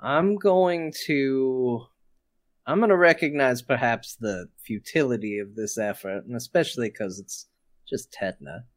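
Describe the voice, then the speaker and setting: A man playing a tabletop role-playing game, stating his character's actions in a slow, deliberate way. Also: medium pitch, no echo. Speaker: player.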